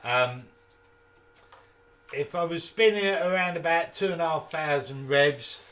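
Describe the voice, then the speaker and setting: A man's voice: on the high side, measured pace, fairly bright tone. A man hosting a casual live woodturning demonstration from his home workshop, chatting and making jokey asides to viewers. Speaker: woodturner and channel host.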